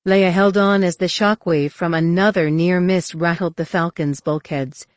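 Woman audiobook narrator with a low-set voice, measured and expressive, on a dry, close mic. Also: no room sound. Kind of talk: scripted narration.

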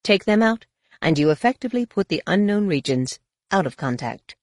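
A woman's voice: mid-range voice, expressive, moderate pace, dry recording, studio quality, natural voice. A woman voicing a serious woman leader in an audiobook, grave and explanatory. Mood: urgent.

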